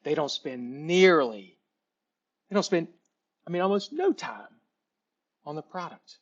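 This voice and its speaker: Male sales trainer, folksy storyteller. A touch high, muffled sound. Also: animated, a little slow. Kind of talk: storytelling lesson.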